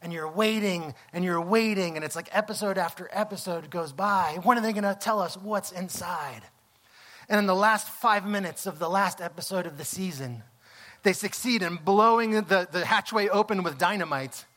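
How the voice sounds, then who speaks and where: High-voiced, bright preacher man. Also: normal speed. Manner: storytelling, animated, acts out exclamations. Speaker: pastor. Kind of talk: sermon.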